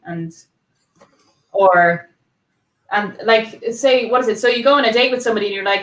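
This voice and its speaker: A woman's voice: medium pitch, moderate pace, pauses often. Young woman, co-host, chatty rambling storyteller, sounds distant and roomy. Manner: rambling, lots of fillers and swearing. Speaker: podcast co-host. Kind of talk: casual chat, storytelling.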